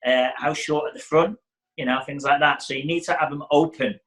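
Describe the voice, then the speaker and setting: A man's voice: on the high side, fairly even intonation, fairly quick, fairly bright tone, low-quality recording. A middle-aged man, a hairdressing educator giving a casual teaching talk and acting out client exchanges. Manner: chatty, acts out client dialogue.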